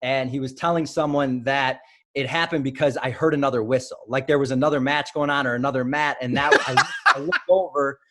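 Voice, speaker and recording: A man's voice: mid-range voice, fairly quick, pushed and bright. Man telling stories in a casual interview. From Illinois, United States. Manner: rambling, self-correcting storyteller. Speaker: wrestling coach, podcast guest.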